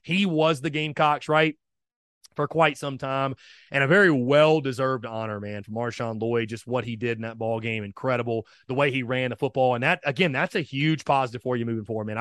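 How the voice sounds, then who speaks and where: A man's voice: medium pitch, steady tone, a little fast, fairly bright tone, no echo. A man hosting a sports podcast, talking energetically and with strong opinions, speaking straight to his listeners. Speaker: podcast host.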